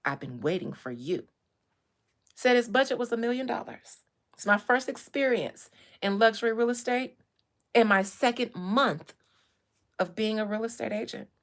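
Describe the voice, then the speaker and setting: A woman hosting a casual livestream, telling stories in a candid, animated way with blunt language. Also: fairly high pitch, normal speed. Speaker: real estate agent and livestream host.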